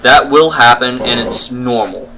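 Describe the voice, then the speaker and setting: A man's voice: mid-range voice, measured pace, crowd noise, low-quality recording. A young man giving casual let's-play commentary, explaining as he plays and often correcting himself mid-sentence. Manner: rambling, self-correcting, explanatory. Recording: faint game noise behind.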